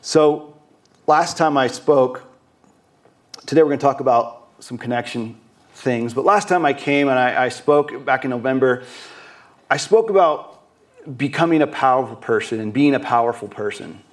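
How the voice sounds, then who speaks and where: A man of medium pitch, speaking at a normal speed, delivers a sermon as a guest preacher. He is earnest and frequently repeats or restarts words, occasionally acting out brief quoted voices.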